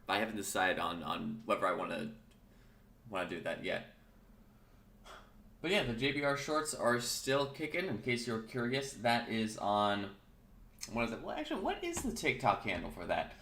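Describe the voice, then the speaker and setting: A man's voice: fairly low pitch, sing-song, normal speed, bright, forceful tone, echoey room. A man hosting his own casual morning talk show, rambling and correcting himself, with his early-morning voice still in his throat. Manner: chatty, rambling, self-correcting. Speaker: podcast host.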